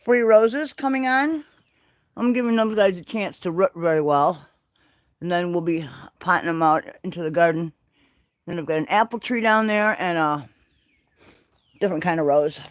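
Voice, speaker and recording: Chatty high-voiced man touring his garden. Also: normal speed, long pauses, clear, resonant tone, no room sound, clean studio sound. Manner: excitable, chatty and rambling. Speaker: livestream host. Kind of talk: casual walking garden tour. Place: greenhouse and garden, partly outdoors.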